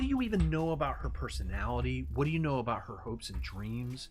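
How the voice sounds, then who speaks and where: A man hosting a casual commentary video, ranting in an animated, exasperated way with frequent profanity and mocking asides. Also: mid-range voice, brisk, hardly any pauses, faint music behind. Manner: animated, swings into mocking impressions and sarcastic read-outs. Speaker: commentary host.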